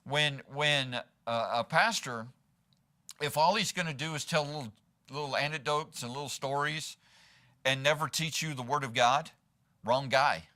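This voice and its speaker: In a church sanctuary, a pastor delivers his sermon in a mid-range voice at a moderate pace, bright and forceful. He keeps it conversational, often checking with the congregation by asking "right?"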